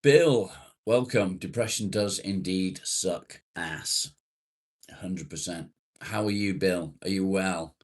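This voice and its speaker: A man hosting a relaxed live stream, his voice sitting on the low side. He talks at an unhurried, drawn-out pace, greeting viewers one by one and bantering jokily with them as their comments come in. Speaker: livestream host. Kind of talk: casual live chat, reading viewer comments.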